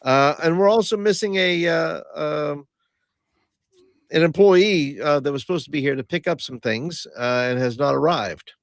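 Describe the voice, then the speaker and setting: A man's voice: fairly high pitch, moderate pace, no room sound. Man, tabletop player, dry close sound, hesitant, casual. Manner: hesitant, many fillers, laughs easily. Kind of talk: tabletop role-play in character.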